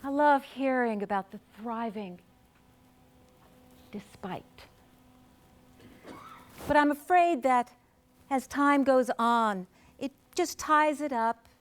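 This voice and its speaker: A woman poet introducing her poems on stage in an earnest, measured way with deliberate pauses. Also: high-pitched. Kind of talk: spoken introduction at a poetry performance. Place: live performance on stage.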